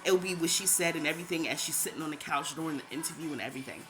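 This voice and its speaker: A woman's voice: low-pitched, rapid-fire, rough recording. Chatty woman telling her story over music. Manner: chatty, repeats herself, laughs often, speaks animatedly. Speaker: vlogger sharing a faith testimony. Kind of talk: casual personal storytelling. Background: background music.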